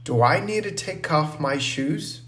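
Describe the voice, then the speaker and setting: A man's voice: fairly high pitch, lively intonation, a little slow, fairly bright tone. A man voicing a nervous, hungry young man flying for the first time, read plainly in a storybook. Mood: anxious.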